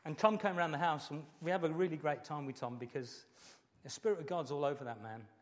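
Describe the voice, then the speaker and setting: A man's voice: a little high, a little fast. Earnest preacher man in a reverberant hall. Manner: earnest, emotional preaching with repeated phrases. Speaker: pastor. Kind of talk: sermon.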